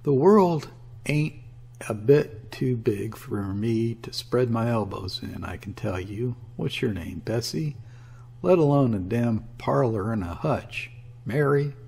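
A man voicing a brash young sailor, gravelly and loud. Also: mid-range voice, lively intonation, takes it slowly, heavily acted. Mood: raging. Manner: boisterous, scornful when angry. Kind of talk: audiobook character reading.

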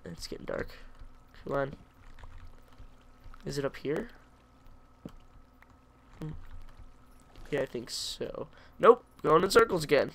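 Guy narrating his gameplay, kinda high pitched, talks slow, jokes about feeling sorry for himself and argues with game mobs. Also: lively intonation, creaky, a bit bright. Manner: chatty, jokingly self-pitying, talks to game mobs. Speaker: let's play gamer. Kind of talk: casual gameplay commentary.

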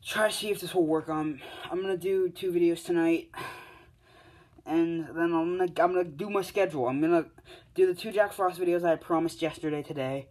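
A man's voice: fairly high pitch, fairly quick, darkish tone. A young man casually telling his own fan story at home late at night, rambling with lots of fillers and humming placeholder sounds, recorded on a handheld device. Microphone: tablet or other handheld device.

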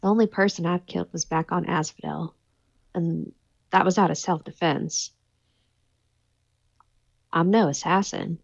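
A woman's voice: fairly low pitch, unhurried, creaky, long pauses, breathy edge, dull audio. A woman playing her character in a tabletop role-playing game, talking anxiously and stammering. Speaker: player.

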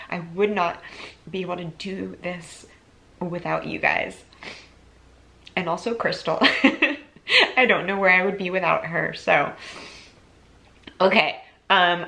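A woman in her thirties talks straight to her camera in an earnest, heartfelt vlog, her voice getting teary now and then. Her tone is bright and a little low-pitched, with a gravelly edge of vocal fry. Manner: earnest, tearful, chatty with laughs. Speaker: YouTuber and influencer.

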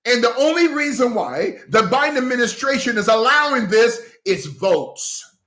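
A man hosting a heated political livestream, animated and breaking into shouts, thanking viewers for gifts. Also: very high voice, moderate pace. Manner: animated, breaks into shouts, repeats okay, coughs. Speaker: livestream host addressing viewers as pastors. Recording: echoey room.

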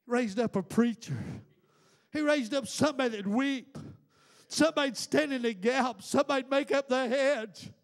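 A man's voice: very high-pitched, normal speed. A man, a pastor delivering a fervent sermon in a church full of listeners, built on rhetorical questions. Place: church building before a congregation.

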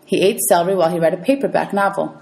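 A woman teacher reading a novel aloud to her students, telling it in a lively storytelling way. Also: on the low side, rapid-fire, creaky, poor audio. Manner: lively storytelling with voices for characters.

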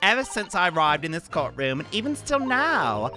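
A man reading game dialogue as a scornful, haughty English lady in a put-on British accent, slow and disdainful. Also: high voice, sing-song, sharp tone, faint music behind, voice pushed up, full character voice. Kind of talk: video game voice-over reading.

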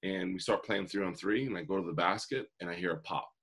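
A motivational speaker in his forties, interviewed as a guest, vividly and earnestly recounts his life, voicing quotes dramatically. His voice is low-pitched, a bit bright, and husky, and he moves at a quick pace.

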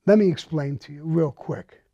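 A tough man tells a gritty story in a blunt, menacing, heavily profane way. His voice sits a little high yet sounds dark and mellow, captured dry and dull on a lo-fi recording. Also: normal speed, no room sound. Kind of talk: recounting a crime story.

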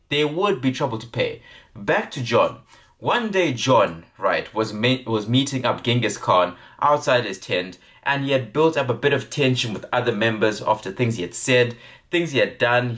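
A man's voice: mid-range voice, fairly bright tone. A young man telling a motivational story in a vlog, emphatic and repeating words for stress. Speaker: self-improvement vlogger.

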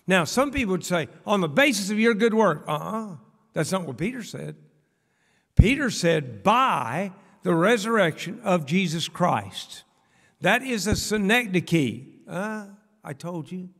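A man's voice: high-pitched, big pitch swings, a little slow, creaky, fairly bright tone. An older man preaching a sermon in a church, folksy, with rhetorical questions and humorous asides. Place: church sanctuary. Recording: long church reverb.

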